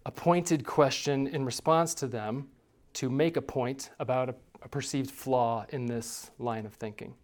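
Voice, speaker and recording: A man's voice: mid-range voice, steady tone, measured pace, hardly any pauses. Male class teacher, conversational, mid-range voice, quizzes the room.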